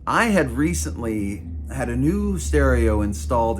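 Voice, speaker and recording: A man's voice: medium pitch, very animated, normal speed, few pauses, slight background noise. A man in his fifties reading his own memoir aloud, with wry, self-mocking asides. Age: 50s. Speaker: author.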